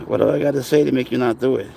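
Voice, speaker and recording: A man's voice: mid-range voice, gravelly, warm tone, slight background noise. A man filming his cat at an outdoor playground, chatting casually with profane, exasperated banter. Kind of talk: casual vlog chat.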